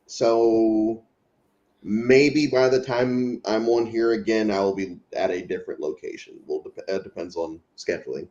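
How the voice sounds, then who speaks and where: A man's voice: on the low side, fairly even intonation, a little slow, dark tone, muffled recording. A man guesting on a podcast, rambling casually with many fillers. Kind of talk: casual chat.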